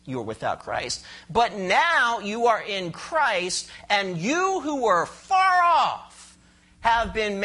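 A pastor preaching a sermon, expressive and questioning the congregation, explaining scripture verse by verse. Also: medium pitch. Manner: explains Greek words and cites verses.

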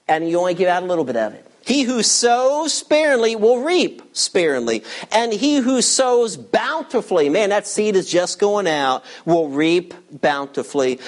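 A pastor preaching a sermon with emphatic delivery, swinging between loud bursts and hushed lines, with teasing asides to the congregation. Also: male voice, high voice.

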